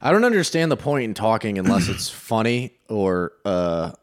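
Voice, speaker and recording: A man's voice: on the low side, very animated, moderate pace. A man, a comedian, ranting bluntly and with profanity in casual banter. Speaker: comedian podcast co-host.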